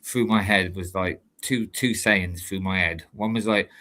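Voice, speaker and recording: A man's voice: on the low side, moderate pace, few pauses. A man co-hosting a casual hobby podcast, telling stories with lots of laughter. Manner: lively, laughing storyteller. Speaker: podcast co-host. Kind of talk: casual banter.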